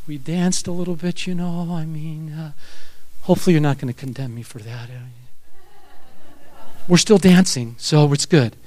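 A man in his seventies preaching a sermon, telling a personal story with animated delivery and calling out to the audience. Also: fairly high pitch, moderate pace, long pauses, dry recording. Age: 70s.

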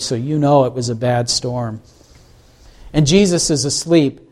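A man's voice: medium pitch, warm tone. A man preaching a sermon, reading scripture and asking the congregation questions as he explains it. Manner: asks the congregation questions, reads scripture aloud. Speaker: pastor.

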